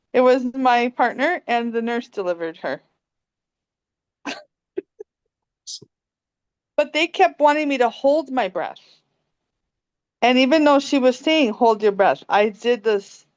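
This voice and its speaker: On a video call, a young woman who took part in meditation shares a personal story in casual spoken testimony, talking gently and calmly and laughing often. Her smooth, resonant voice sits a little high. The recording is dry, close and slightly dull, like a phone camera's.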